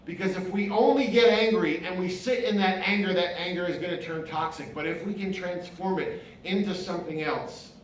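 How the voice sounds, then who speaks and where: A pastor and author gives an impassioned inspirational speech at an event venue, building rhythm through repetition. His voice sits high at normal speed, captured by a far-off mic in a very echoey hall with slight background noise.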